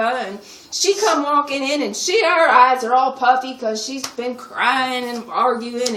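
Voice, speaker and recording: Comic character: a woman doing a sassy, churchgoing young woman with a high, sharp voice and heavy slang, recorded in an echoey room from a distance. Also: a little hiss or hum, heavily acted. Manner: sassy, exaggerated street slang. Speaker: skit performer. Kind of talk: live comedy skit monologue. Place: retreat meeting room.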